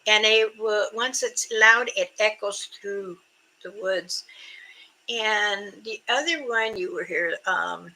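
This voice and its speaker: An older woman hosting a casual live stream, chatting slowly with viewers and imitating creature calls. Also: medium pitch, pushed and bright, rough recording. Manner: slow, unhurried talk with frequent fillers. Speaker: livestream host.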